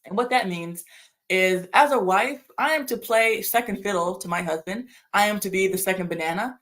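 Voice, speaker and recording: A woman's voice: medium pitch, moderate pace, a bit bright. A young woman hosting a livestream, rambling in casual chat as she reads viewer comments, often laughing and short of breath. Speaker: livestream host.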